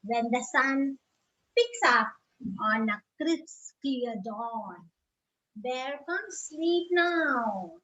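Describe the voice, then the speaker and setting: A woman reading a picture book aloud, slow and expressive. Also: high-pitched. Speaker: storyteller. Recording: dull lo-fi recording.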